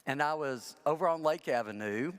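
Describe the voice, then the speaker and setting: A man's voice: a little high, moderate pace, clean tone. A man preaching a chatty sermon, full of self-deprecating humor and acting out people in his stories. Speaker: pastor. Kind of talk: conversational sermon with storytelling. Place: large church sanctuary. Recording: church with long reverb.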